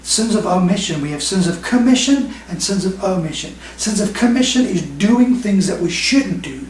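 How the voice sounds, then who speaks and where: A man preaching a sermon as pastor, emphatic, with quick bursts and slow stressed phrases. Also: high voice, expressive, a little hiss or hum. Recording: echoey room, mic at a distance.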